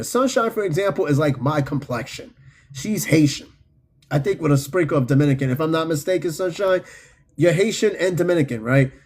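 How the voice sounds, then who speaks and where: A man hosting a podcast, chatting casually and reading out listener comments in a loose, profane, animated way. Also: high-pitched, slightly rough. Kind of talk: casual unscripted chat.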